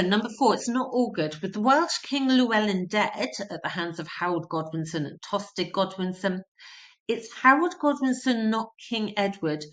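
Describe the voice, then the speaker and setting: A woman's voice: mid-range voice, a bit bright. A woman teaching a history lesson, explaining terms simply and repeating key points for emphasis.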